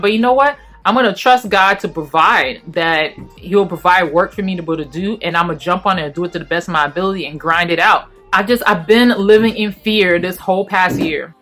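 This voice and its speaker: A woman, sharing an emotional faith testimony at home while packing, fast in bursts and then soft. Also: mid-range voice. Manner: earnest, emotional, talks fast in bursts and then goes quiet. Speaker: faith vlogger. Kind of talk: personal testimony vlog.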